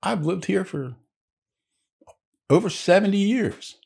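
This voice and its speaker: A man's voice: lively intonation, slow, creaky, a little mellow, breathy edge, full character voice. A man voicing an old male rural shopkeeper over seventy, in a raised, wry voice. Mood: dry, deadpan. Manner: high put-on voice, wry.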